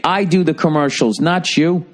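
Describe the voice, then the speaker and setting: A man's voice: fairly high pitch, normal speed. A middle-aged man hosting a podcast, riffing in a profane, sarcastic, rambling monologue. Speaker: podcast host.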